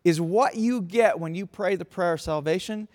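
A man preaching a sermon, passionate, moving from hushed tones to shouting. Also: high-pitched, moderate pace. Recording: long reverb in a large hall.

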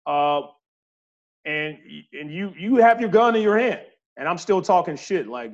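A man's voice: on the high side, animated, measured pace, lo-fi sound. Blunt profane male podcast host. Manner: blunt, profane, pushes hypotheticals. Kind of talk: casual podcast chat.

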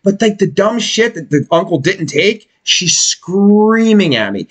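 Podcast host, male, high and very animated voice, swears through a loose story; casting note: lively raconteur. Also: measured pace, hardly any pauses, slightly rough. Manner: animated, swearing, puts on voices for people he quotes. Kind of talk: casual profane storytelling.

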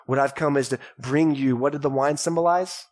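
A man in his thirties from Texas, a pastor preaching a lively sermon to a congregation and calling out to them. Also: medium pitch, brisk. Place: church sanctuary before a congregation. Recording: live church recording.

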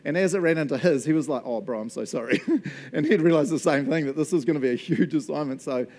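A middle-aged man with a New Zealand accent, preaching a sermon and telling stories in an animated way, laughing often. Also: on the high side, fast. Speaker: pastor.

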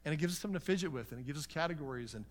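Talking very fast in a fairly high voice, this man teaches at a conference seminar. His style is casual and animated, full of stories in which he acts out the conversations, plus many asides.

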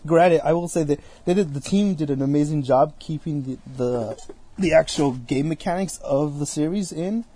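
A young man talks through a video game he played, rambling and restarting his sentences, slipping into quick acted-out asides. His voice is husky and mellow and sits a touch high for a man. The sound is dry and close, with no room around it. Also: dry recording. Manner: rambling, full of fillers and restarts, acts out scenes in quick asides. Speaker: game reviewer. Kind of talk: casual spoken game review.

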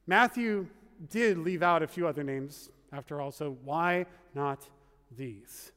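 A man's voice: a little high, takes it slowly, a bit bright, smooth. A man preaching a sermon as pastor in a conversational, wry way, full of asides. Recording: long reverb of a large hall.

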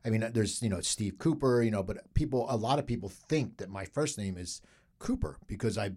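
A middle-aged man, hosting a podcast and asking his guest questions in a casual interview. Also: lowish voice. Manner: quick, lively questioner. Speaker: podcast host.

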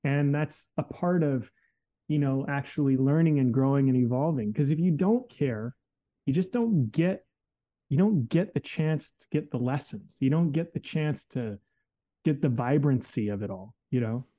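A man recounts a personal story in casual conversation. He talks candidly and reflectively, with lots of fillers and restarts. His voice is very dark and mellow, and the recording sounds slightly dull and lo-fi. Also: mid-range voice, normal speed. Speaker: guest telling a personal story.

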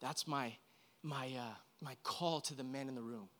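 A man preaching an earnest, emotional sermon to a room, often repeating himself and swinging between loud and quiet. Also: medium pitch, normal speed. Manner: earnest, emotional, varies loudness widely, repeats words. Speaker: pastor. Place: room with an audience.

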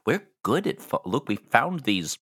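A man voicing a scheming older ex-teacher who talks in a hushed, conspiratorial, hesitant way in a tabletop roleplay. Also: mid-range voice, sing-song, measured pace, breathy edge, dry recording, studio quality, heavily acted. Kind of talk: actual-play roleplay.

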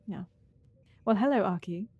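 A woman's voice: mid-range voice, moderate pace, breathy edge, dry recording, phone-quality sound. A woman co-hosting a podcast, teasing and playful in casual chat. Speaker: podcast co-host.

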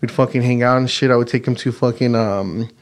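A man's voice: mid-range voice, fairly even intonation, a little fast, a little hiss or hum. Laid-back, swearing man at ease. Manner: laid-back, profane, laughs often. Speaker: podcast co-host. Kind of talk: casual banter and storytelling.

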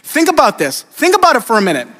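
Man, sermon, high-pitched, conversational, acts out characters, reverberant church. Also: wildly swooping pitch, quick pace, a bit bright. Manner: casual, conversational preaching with acted-out voices. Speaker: preacher. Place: church sanctuary.

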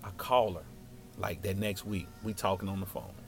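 A man telling a story from his childhood in a casual, slangy, animated way. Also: sits low, normal speed, gravelly, faint music behind.

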